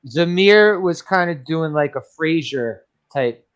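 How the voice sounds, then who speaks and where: A man's voice: on the high side, animated, measured pace, fairly bright tone, clear, resonant tone, dull audio. A man co-hosting a casual movie-review podcast, rambling and sarcastic.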